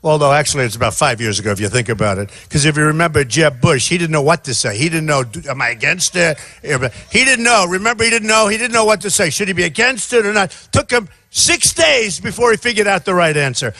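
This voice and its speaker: A man in his sixties giving an off-the-cuff campaign rally speech outdoors, rambling and repetitive, often shouting to a crowd. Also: a little high, animated, fast, hardly any pauses, dry recording. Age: 60s. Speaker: presidential candidate.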